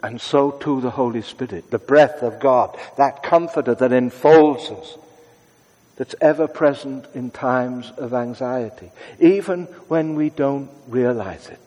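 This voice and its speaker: A man preaching a sermon in a conversational way, moving between brisk asides and hushed, prayerful tones. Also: medium pitch, big-room sound.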